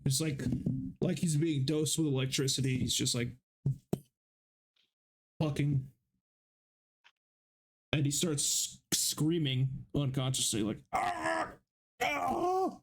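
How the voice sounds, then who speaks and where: A man narrating a tabletop game as game master, halting and full of fillers. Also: medium pitch.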